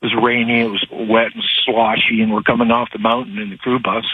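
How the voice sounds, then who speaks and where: Man, phone-in caller, husky voice, rambling, animated, dry tinny phone line. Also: fairly low pitch, a little fast. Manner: rambling, animated, many restarts. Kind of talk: phone-in storytelling. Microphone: telephone.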